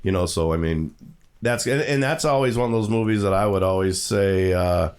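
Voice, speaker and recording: A man hosting a casual podcast chat, often stumbling and repeating words as he asks his guests questions. His voice sits low. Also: normal speed, darkish tone, clear, resonant tone. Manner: repeats himself, talks in restarts, asks questions. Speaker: podcast host.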